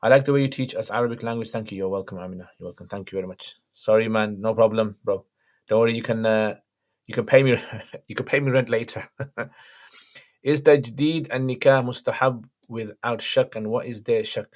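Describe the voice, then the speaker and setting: Low-voiced man answering viewer questions. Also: brisk. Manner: reads questions aloud then answers plainly, relaxed and conversational. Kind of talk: casual livestream Q&A.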